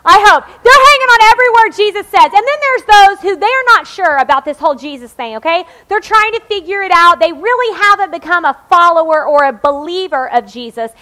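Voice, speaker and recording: Bright high-voiced woman preaching. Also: animated, brisk, few pauses. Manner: conversational and joking, checks in with "okay?". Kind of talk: sermon.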